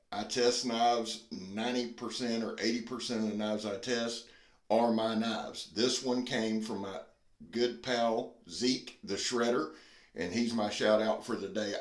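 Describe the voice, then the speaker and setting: Folksy low-voiced man in echoey room. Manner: folksy and earnest, plain-spoken. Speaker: knife reviewer. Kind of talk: casual review vlog. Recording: roomy echo.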